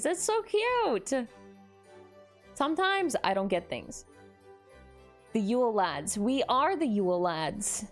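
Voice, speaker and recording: A woman streamer chatting casually on a live stream, gushing and excitable, often gasping in delight. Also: a little high, slow, long pauses, faint music behind. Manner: gushing and excitable, frequent gasps.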